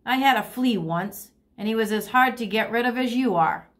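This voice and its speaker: A woman's voice: a little high, normal speed, fairly bright tone, close to an everyday voice. A woman voicing a grumpy male house cat, exasperated and insistent.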